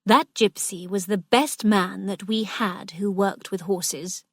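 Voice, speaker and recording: A woman voicing a big young army officer who talks in a calm, thoughtful, frank way. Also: medium pitch, slow, slightly rough, no room sound, clean studio sound.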